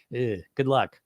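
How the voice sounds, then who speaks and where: A man's voice: medium pitch, no echo. A man hosting a weight-loss podcast, answering viewer comments in a casual, rambling way with plenty of swearing. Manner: animated, profane, rambling.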